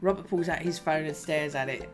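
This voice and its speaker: A woman's voice: deep voice, a little fast. A woman streamer reading a dating game aloud with playful, jokey commentary. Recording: music playing underneath. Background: game music.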